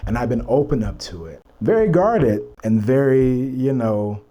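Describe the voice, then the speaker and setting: A man's voice: medium pitch, very animated, unhurried, warm tone. A young man from Texas telling a personal story to camera, earnest and reflective, full of "you know" and "like". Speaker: vlogger.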